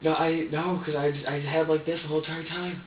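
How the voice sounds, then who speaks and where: A distressed man answering questions in an interrogation room, halting and stammering as he repeats himself. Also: fairly high pitch, level tone, far from the mic, a little hiss or hum. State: distressed and tense. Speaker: interrogation suspect. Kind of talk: recounting events under questioning. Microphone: distant security camera mic. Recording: tinny, echoey security footage from afar.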